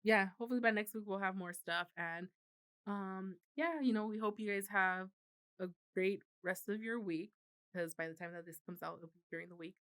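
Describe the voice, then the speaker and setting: A woman's voice: mid-range voice, moderate pace, a bit bright, clean tone. A woman in her thirties co-hosting a podcast, chatting casually, laughing often and swearing freely. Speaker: podcast co-host. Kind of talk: casual chat.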